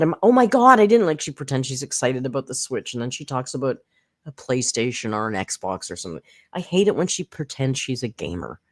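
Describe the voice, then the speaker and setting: Snarky, animated woman commentator. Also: extremely low pitch. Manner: snarky, profane, rambling with fillers. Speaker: commentary channel host. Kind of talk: casual live reaction commentary. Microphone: close desk mic.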